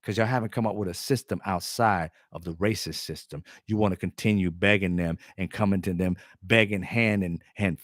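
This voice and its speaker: A man's voice: sits low, steady tone, fairly quick, few pauses, no room sound, studio quality. A man hosting his own show, delivering a fiery, profane monologue. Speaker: host. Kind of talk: impassioned monologue.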